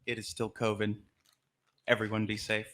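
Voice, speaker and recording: Bright, chatty male storyteller from Alabama. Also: lowish voice, completely flat delivery, moderate pace, slight background noise. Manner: chatty, laughing as he tells it. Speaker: host. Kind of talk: comedic live storytelling. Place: live theater stage.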